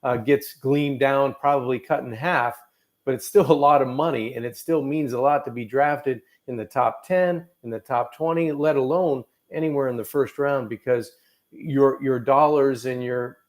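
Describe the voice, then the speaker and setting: A man's voice: medium pitch, normal speed. A middle-aged man, a former quarterback and broadcaster, giving easygoing, rambling answers in a radio interview. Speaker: guest, former quarterback and announcer.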